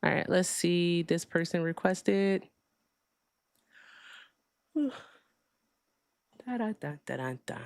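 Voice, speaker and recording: A woman's voice: lowish voice, very animated, takes it slowly, long pauses, clean tone, no room sound. A woman hosting a livestream debate, casual, blunt and profane, sounding tired.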